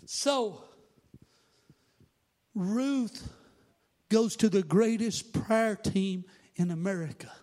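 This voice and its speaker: A man preaching a sermon, moving from quiet, conversational asides to shouted, sing-song exhortation. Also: high voice, animated, drawn-out words, pauses often. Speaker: pastor.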